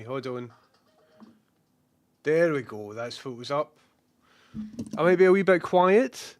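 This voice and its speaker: A young Scottish man with a slightly hoarse voice from a cold, casually chatting as a live streamer and greeting viewers by name. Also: a little high, animated, unhurried, long pauses, no echo.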